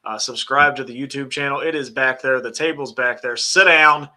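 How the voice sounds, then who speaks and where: Bright-voiced man chatting on a podcast. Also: mid-range voice, fairly even intonation, a little fast. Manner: chatty, loose and joking, trails off and restarts. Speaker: podcast co-host. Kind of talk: casual chat.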